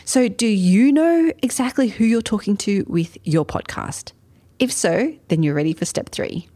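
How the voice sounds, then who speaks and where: Lively woman host questioning listeners. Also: medium pitch, moderate pace. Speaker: podcast host. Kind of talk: scripted commentary.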